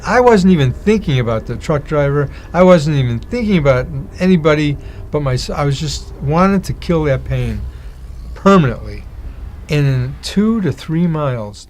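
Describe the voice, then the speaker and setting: A man's voice: on the high side, darkish tone. A man giving a personal testimony, telling his story and acting out the voices of the people he quotes. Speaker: testimony speaker.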